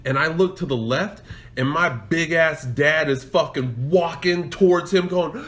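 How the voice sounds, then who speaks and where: Cursing podcast co-host, fairly high voice, storyteller who shouts his quotes. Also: measured pace. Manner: profane, loud, acts out shouting in quotes. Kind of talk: casual storytelling chat.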